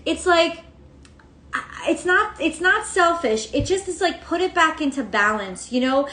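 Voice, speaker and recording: A woman with a high voice gives a casual daily tarot reading. She rambles, swears freely and laughs as she goes. The sound is roomy, with a clear echo around her. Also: expressive, measured pace, sharp tone. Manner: rambling, profane, laughs often. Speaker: tarot reader.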